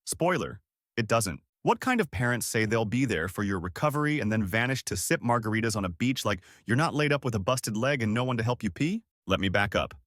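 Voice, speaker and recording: A man's voice: on the low side, expressive, a little fast, fairly bright tone, dry recording, clean studio sound. A man in his thirties narrating a first-person story from a script, in a wry, sarcastic way.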